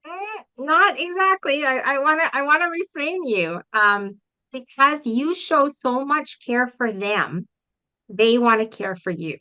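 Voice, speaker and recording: A middle-aged woman with a bright, forceful voice explains her coaching approach earnestly, often pausing to check in with her listener. The audio is dull and lo-fi. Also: fairly high pitch, expressive. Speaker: parent coach. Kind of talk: interview guest.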